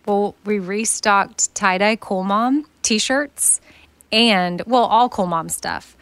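Woman in her 30s hosting a podcast, chatty and laughy, mid pitch, dry close mic. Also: slow, a bit bright, dry recording. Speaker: podcast host. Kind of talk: casual chat.

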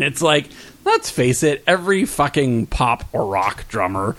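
A man's voice: mid-range voice, very animated, a little slow, a bit bright. A man co-hosting a podcast, reviewing shows and books in casual, rambling chat full of "like" and "um". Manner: rambling, filler-heavy, frequent "like" and "um". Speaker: podcast co-host. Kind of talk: casual pop-culture chat.

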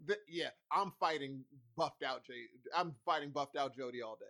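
A man co-hosting a casual podcast who talks in a playful, animated way and laughs often. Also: on the high side, normal speed. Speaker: podcast co-host. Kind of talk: casual chat.

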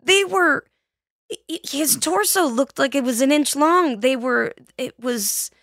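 A woman podcast co-host in casual recap chat, animated and questioning, with jokes. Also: high-pitched, measured pace, no echo, studio quality.

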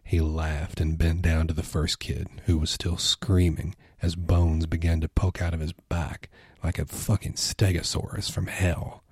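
A man's voice: sits low, level tone, measured pace, a little mellow, slightly rough, no room sound, clean studio sound. A man narrating a first-person horror story with tense, vivid storytelling.

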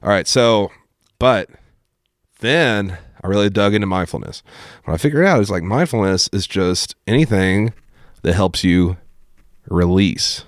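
A young man with a very low voice tells casual stories as a podcast guest. He acts out other people's lines and keeps saying "dude," and the sound is dry and close. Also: measured pace, no room sound. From Appalachian Kentucky. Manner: animated storyteller who acts out quotes, says dude a lot. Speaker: podcast guest, former high school teacher. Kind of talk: casual storytelling chat.

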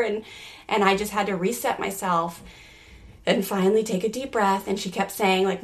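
A woman in her forties tells a story from home in a loose, chatty way, full of "like" and quick asides. Her voice sits at a middle pitch. She talks like a podcast host and parenting coach, animated and open. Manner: animated, chatty, many "like" fillers. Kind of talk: casual storytelling.

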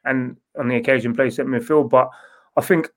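Rambling ex-footballer. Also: male voice, mid-range voice, fairly even intonation, brisk, poor audio. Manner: loose, rambling, with many restarts. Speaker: former footballer guest. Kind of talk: casual interview.

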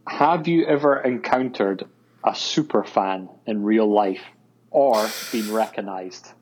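A man's voice: lowish voice, slow, slight background noise. A man with a Scottish accent reading listener questions in casual chat, hesitant and full of fillers. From Scotland. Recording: dull lo-fi sound.

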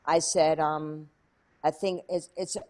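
A woman telling a story as an interview guest, lively and chatty, acting out other people's voices with many fillers. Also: deep voice, slow pace. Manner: animated, acts out quoted voices, many fillers. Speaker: interview guest, speaker and coach.

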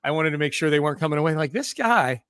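A man hosting a casual sports podcast, talking quickly with jokes and many restarts. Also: fairly high pitch, monotone, smooth, no echo, clean studio sound. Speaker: sports radio host.

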